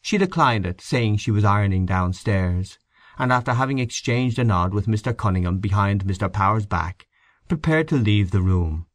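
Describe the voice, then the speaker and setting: A male audiobook narrator with a fairly low voice and lively, expressive intonation. He reads literary fiction at a measured pace, and the recording is dry and close. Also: dry recording.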